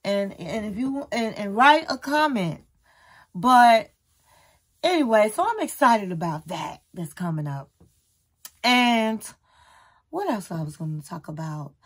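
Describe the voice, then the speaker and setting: A woman hosting her own channel, chatting casually to camera and telling a story in an animated way with sudden jumps in pitch. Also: unhurried, pauses often, husky. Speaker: YouTube channel host.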